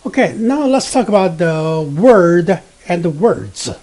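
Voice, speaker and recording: A man whose first language is Mandarin Chinese, teaching Mandarin pronunciation patiently, repeating each sound many times with frequent pauses. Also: high-pitched, animated, a little mellow, low-quality recording. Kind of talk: pronunciation lesson.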